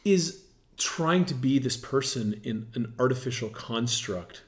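A man's voice: medium pitch, expressive, measured pace. A man hosts an interview podcast, speaking in a frank, casual way. He often checks in with his guest as he talks. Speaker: podcast host. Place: dining room.

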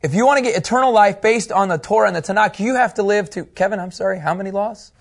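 A man teaching a Bible class, animated and asking his students questions as he goes. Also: high voice, fast talker, gravelly.

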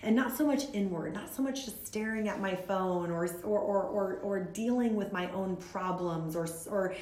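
A woman's voice: medium pitch, normal speed. Woman podcast guest, 30s, earnest and chatty storyteller, recorded in an echoey room. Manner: earnest, rambling, animated storyteller. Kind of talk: faith-based podcast conversation.

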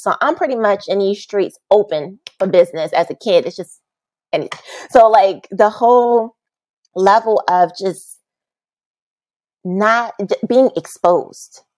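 Casual, animated woman storyteller who plays out the quoted voices, podcast guest. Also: dry recording. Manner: animated, acts out quotes with big pitch jumps and laughs. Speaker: podcast guest, massage therapist.

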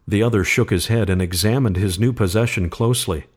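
Low-voiced man reading a spooky story. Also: brisk, few pauses, slightly rough. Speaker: podcast host.

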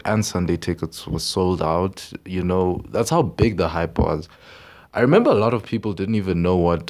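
A young man hosts a casual podcast, talking in an excitable, rambling way and repeating his words. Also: deep voice. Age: young adult. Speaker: podcast host.

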